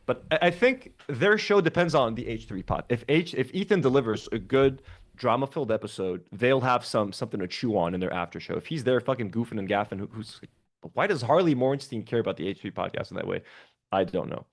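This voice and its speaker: Animated, swearing man on a stream. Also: mid-range voice, fairly quick. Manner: animated, swearing, lots of fillers. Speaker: livestream co-host. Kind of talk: casual reaction stream chat.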